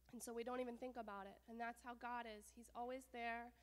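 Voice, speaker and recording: A woman with a fairly high voice tells a make-believe story to children in a church service, lively and often checking in with questions. Her voice rings out with a long reverb through the sanctuary. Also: brisk.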